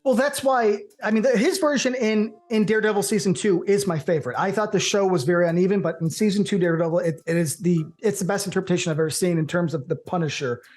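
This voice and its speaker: A man co-hosting a casual movie podcast, opinionated and animated, with profane banter. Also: high voice, fast, hardly any pauses, faint music behind. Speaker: co-host.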